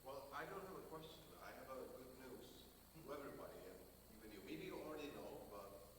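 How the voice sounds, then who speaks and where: A man speaking up from the audience at a meetup, far from the mic in a very echoey hall. He rambles a little and restarts his sentences. Clear background noise and a long reverb surround his voice. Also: mid-range voice, expressive, fast. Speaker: audience member. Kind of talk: comment from the floor at a meetup.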